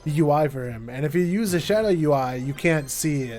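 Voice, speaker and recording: A man's voice: a little high, animated, brisk, a little mellow, soft background music. A young American man streaming live, chatting casually and rambling with lots of "like" and self-mocking jokes.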